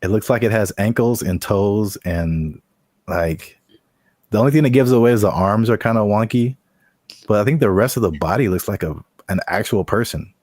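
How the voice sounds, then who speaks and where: A young man hosting a podcast in relaxed, casual chat, laughing easily and talking in an animated way. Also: on the low side, moderate pace. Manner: laid-back, laughs often, animated. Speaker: podcast host.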